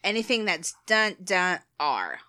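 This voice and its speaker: An American woman co-hosting a podcast, chatting casually, laughing often and explaining things slowly. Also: on the low side, very animated, bright, forceful tone. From United States. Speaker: podcast co-host. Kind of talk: casual chat.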